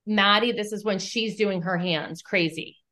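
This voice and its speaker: A woman chatting on a podcast, retelling scenes with lively put-on quotes. She talks casually and swears now and then. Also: mid-range voice, measured pace. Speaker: podcast co-host recapping episodes. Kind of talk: casual chat.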